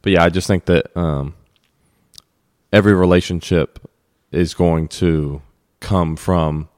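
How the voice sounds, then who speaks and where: Deep-voiced man reflecting on faith. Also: steady tone, darkish tone, dry recording, studio quality. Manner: reflective, personal, halting repeats. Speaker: podcast co-host. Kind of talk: casual faith discussion.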